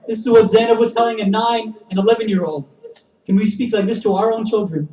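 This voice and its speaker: A man giving an emotional sermon, telling the story in a voice that swells from hushed to impassioned as he speaks straight to his listeners. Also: high-pitched, steady tone, fast, a little hiss or hum. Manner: builds from hushed to impassioned, addresses audience directly. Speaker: speaker at a religious gathering. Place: community center hall. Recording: echoey hall, voice from a distance.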